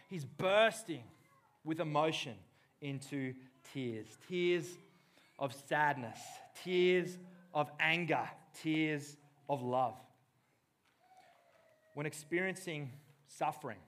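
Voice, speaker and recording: A man preaching a sermon, impassioned, dropping to hushed tones and rising to loud bursts. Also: fairly high pitch. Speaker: pastor.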